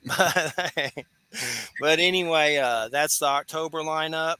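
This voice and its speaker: With a sharp, clean voice on the high side, a man talks slowly while hosting a radio talk show. He's in his 40s, hails from Georgia in the US, and keeps things loose and chatty, full of easy laughs and rambling asides.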